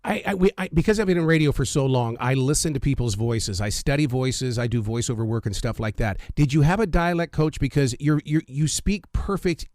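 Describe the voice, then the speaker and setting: A man's voice: medium pitch, brisk, hardly any pauses, a little mellow, dry recording. Radio interviewer, male, mid-range, dry close mic, rambling questions. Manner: long rambling questions with stumbling restarts.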